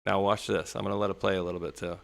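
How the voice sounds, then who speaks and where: A man hosting a livestream speaks in a low, gravelly voice. He talks quietly and hesitantly, restarting his sentences often. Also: flat delivery, racing. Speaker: host. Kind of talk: casual livestream chat.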